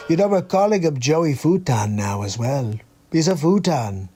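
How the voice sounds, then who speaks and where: A man doing a comedy impression of a boastful older male politician, rambling through mocking sales pitches on a livestream. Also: darkish tone.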